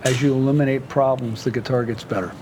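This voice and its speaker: An older man, a guitar maker, chatting in an interview, halting and restarting, then rushing through thoughts in quick bursts. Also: mid-range voice, fairly even intonation, noisy background. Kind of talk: casual interview chat. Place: trade show floor.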